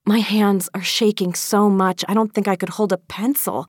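A woman reading aloud and voicing a self-assured, ambitious young teenage girl in a brisk, matter-of-fact way. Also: mid-range voice, fairly even intonation, breathy edge, dry recording, clean studio sound, natural voice. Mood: nervous.

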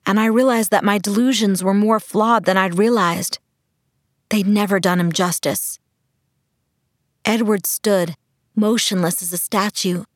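A woman's voice: mid-range voice, dry recording. A woman narrating a first-person audiobook in a mid-range voice. She tells it with tense, urgent drive, close to the microphone. The booth is completely dry, with no room sound.

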